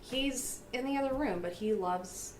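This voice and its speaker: Woman, rambling storyteller, casual host; boomy room, light background hum. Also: unhurried, a little mellow, echoey room, low-quality recording. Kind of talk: casual drinking chat. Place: small apartment.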